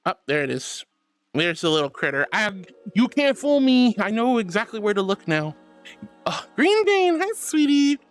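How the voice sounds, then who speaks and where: An affectionate VTuber streamer on a casual live stream, calling viewers honey and sweetheart. The voice sits in a middling register but leaps around, from soft and reassuring to high and excited. Faint music plays underneath. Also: moderate pace. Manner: swings between soft reassuring advice and high excited thanks. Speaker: VTuber livestreamer. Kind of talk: casual livestream chat reading and pep talk.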